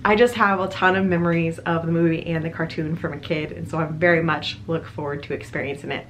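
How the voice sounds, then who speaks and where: A woman's voice: low voice, fairly even intonation, quick pace, a little hiss or hum. A woman in her thirties chatting enthusiastically to her viewers as a vlogger, laughing now and then. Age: 30s. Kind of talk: casual chat to camera.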